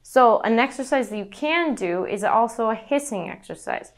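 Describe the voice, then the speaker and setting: A woman's voice: a little high, animated, moderate pace. A woman teaching singing, demonstrating breathing exercises as she explains them. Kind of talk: vocal lesson demonstration.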